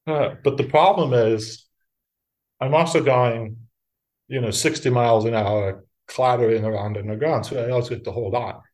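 Speaking at a normal speed in a mid-range voice, a middle-aged Buddhist monk teacher shares a personal story in his talk. He's relaxed and pokes fun at himself, breaking into laughter and acting out others' voices.

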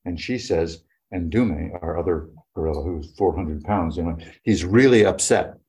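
Speaking at a normal speed in a low, slightly dark voice, a retired older man reminisces at length. He wanders casually from point to point, and his talk is packed with "you know" fillers.

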